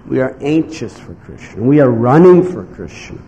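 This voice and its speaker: Gravelly-voiced man preaching in a hall. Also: medium pitch, big pitch swings, dark tone, muffled recording. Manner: slow, emphatic phrasing with acted-out quotes. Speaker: spiritual teacher. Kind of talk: devotional sermon. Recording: echoey hall with faint background noise.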